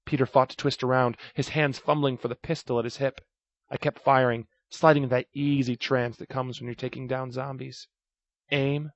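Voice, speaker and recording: A man reading a first-person story aloud, raising his voice to act out the shouted lines. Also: mid-range voice, no room sound. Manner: acts out shouted lines of dialogue. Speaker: narrator. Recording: dry, slightly dull recording.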